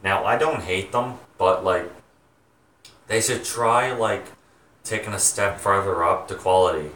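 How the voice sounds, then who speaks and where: Rambling young man, deep voice, echoey room. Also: a bit bright, distant mic, a little hiss or hum. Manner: halting, many ums and restarts. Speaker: vlogger, home haunt maker. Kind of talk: rambling casual chat to viewers.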